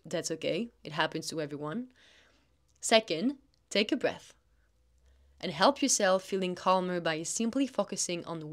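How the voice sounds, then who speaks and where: A young woman hosting a solo podcast, speaking in an earnest, encouraging coaching tone. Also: mid-range voice. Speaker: podcast host, athlete.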